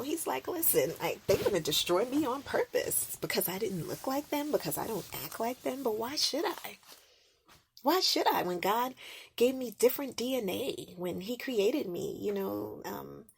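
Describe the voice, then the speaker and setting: A woman host telling a personal story in an animated, emphatic way. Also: mid-range voice, gravelly, slightly rough, dry recording. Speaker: podcast host.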